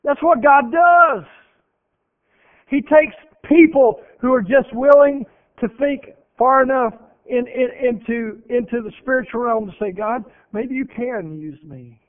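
A male preacher delivers an earnest, emphatic sermon in a very high voice, repeating phrases to drive points home. The sound is thin and tinny, like a radio broadcast carried over a phone line. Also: measured pace.

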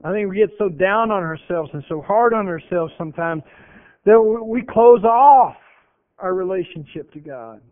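A man's voice: high voice, animated, normal speed. A man preaching a sermon, earnest and emphatic, often repeating phrases for effect. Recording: tinny phone-like radio broadcast.

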